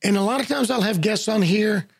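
A man's voice: sits high, fairly quick, vocal fry, husky, no echo. A man hosting a local radio talk show, folksy and joking as he talks straight to his listeners. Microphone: studio microphone.

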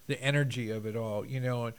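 Texas guy rambling on, lots of uh and you know, mid-pitched voice. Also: fairly even intonation, clear, resonant tone. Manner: rambling, halting, with many fillers and restarts. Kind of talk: casual chat.

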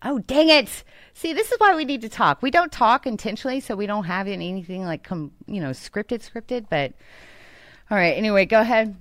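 A woman co-hosting a casual chat, bubbly and quick to laugh. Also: mid-range voice, no echo, clean studio sound. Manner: bubbly, laughs often, animated. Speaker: podcast co-host.

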